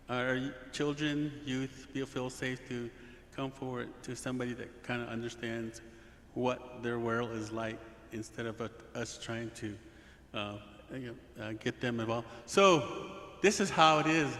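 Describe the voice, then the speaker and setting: Halting male facilitator in an echoey hall. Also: fairly even intonation, a bit bright. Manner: halting, many fillers and restarts. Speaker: forum facilitator. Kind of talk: facilitating a group discussion. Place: large hall. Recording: echoey hall with faint rumble.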